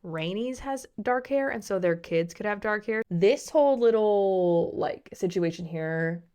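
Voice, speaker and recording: A young woman giving a casual, gossipy recap of a TV series, swearing freely and acting out the characters' lines in quick asides. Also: mid-range voice, expressive, mellow, clean tone.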